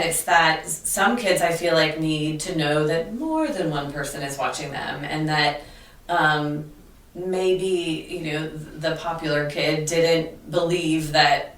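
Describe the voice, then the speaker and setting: Brief: earnest woman teacher, deep voice, roomy distant recording. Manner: earnest, animated storytelling with restarts. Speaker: teacher, interview guest. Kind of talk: conversational interview. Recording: echoey room, distant mic.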